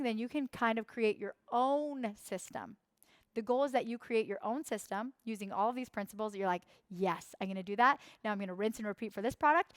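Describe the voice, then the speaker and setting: A woman's voice: a little high, fairly bright tone, clean tone, no echo. A young woman leading a coaching workshop, speaking emphatically, repeating key phrases and acting out the voices of others. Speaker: workshop instructor.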